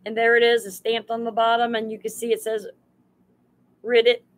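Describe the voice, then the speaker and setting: A woman's voice: on the high side, little pitch movement, fast, rough recording. A woman hosting a live sale stream, chatting homily and greeting viewers by name as she prices items. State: overheated.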